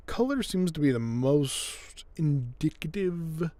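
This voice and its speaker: A man's voice: a little high, animated, takes it slowly, warm tone, no room sound. A man giving casual gameplay commentary with chatty, wry asides. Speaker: gaming video creator.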